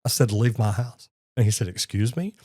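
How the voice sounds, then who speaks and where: A man's voice: on the low side, lively intonation, normal speed, darkish tone, no echo, clean studio sound. A middle-aged man with a Texan accent, a plumbing educator telling stories and giving blunt, emphatic advice straight to camera. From Texas. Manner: blunt, emphatic, folksy storytelling. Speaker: plumbing educator, channel host. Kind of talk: direct-to-camera commentary with anecdotes.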